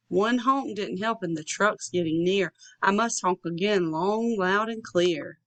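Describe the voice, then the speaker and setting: A woman reading a children's picture book aloud in a friendly, expressive way. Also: mid-range voice, unhurried, hardly any pauses, dry recording. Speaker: storyteller.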